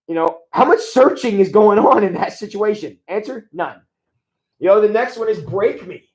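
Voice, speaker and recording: A man talking as a pastor on a livestream, conversational and animated, reading viewer comments and acting out mock prayers. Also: high voice, moderate pace, echoey room, poor audio.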